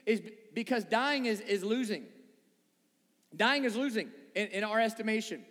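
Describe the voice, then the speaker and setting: High-voiced preacher in an echoing hall. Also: male voice, moderate pace. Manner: conversational preaching with many repeated rhetorical questions. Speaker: pastor. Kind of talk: sermon. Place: church sanctuary before a congregation. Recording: long reverb of a large hall.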